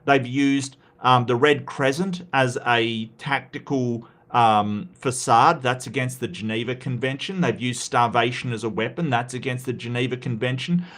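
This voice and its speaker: An Australian man hosts his own livestream in a loose, casual way. He talks with heated conviction and often trips over his words, restarting and repeating himself as he pushes his point. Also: medium pitch. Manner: impassioned, repetitive restarts. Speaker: livestream host.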